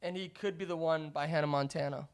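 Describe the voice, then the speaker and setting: Low-voiced young woman reading sports news. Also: fast. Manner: relaxed, reads sports news, stumbles on names. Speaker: podcast co-host. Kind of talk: casual sports chat.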